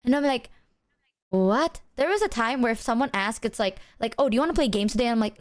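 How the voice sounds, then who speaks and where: A woman's voice: fairly high pitch, fairly quick. A woman streamer in casual chat, telling stories animatedly with plenty of swearing and acted-out quotes. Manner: animated, profane storytelling, acting out her own side.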